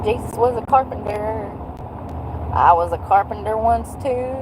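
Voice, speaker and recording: A woman's voice: medium pitch, measured pace, background noise. A woman, chatting bluntly and jokingly to a livestream from her car. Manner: blunt, joking and animated, with frequent laughs. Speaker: livestream vlogger. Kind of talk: casual chat to a livestream.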